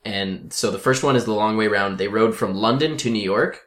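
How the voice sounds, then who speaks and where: Host, male, lowish voice, chatty and enthusiastic. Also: a little fast. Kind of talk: casual chat.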